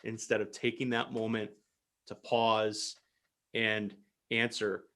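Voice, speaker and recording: A man hosting a ministry podcast, asking friendly, thoughtful questions with a casual, halting flow. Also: fairly low pitch, level tone, fairly bright tone. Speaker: podcast host. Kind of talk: conversational podcast interview.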